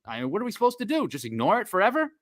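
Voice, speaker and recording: Animated man ranting on a podcast. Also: sits high, very fast. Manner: animated, swearing, acting out quotes. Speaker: podcast co-host. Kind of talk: casual podcast chat.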